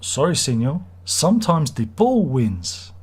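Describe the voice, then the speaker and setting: A man's voice: a little high, big pitch swings, unhurried, slightly rough, full character voice. A man voicing a polite male Spanish restaurant waiter in a spoken joke, courteous and matter-of-fact.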